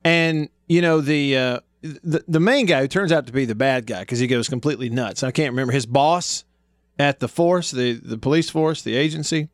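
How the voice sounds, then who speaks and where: A man's voice: medium pitch, moderate pace, no room sound, studio quality. A man with a Southern US accent hosting a radio show, chatting casually, laughing easily and rambling through stories. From American South. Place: radio studio.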